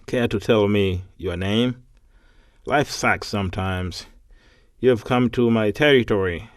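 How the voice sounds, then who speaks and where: A man with a Tanzanian accent reading English practice sentences aloud, halting and repeating words. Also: lowish voice, dry recording, studio quality.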